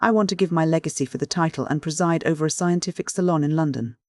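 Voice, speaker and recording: A reader speaking as a plump, shrewd elderly widow from a classic mystery audiobook. She gushes fond endearments while talking plain business. The recording is dry and close, with a mid-pitched voice. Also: a little mellow, no echo, natural voice. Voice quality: gushing endearments, brisk and matter-of-fact. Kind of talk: audiobook dialogue reading.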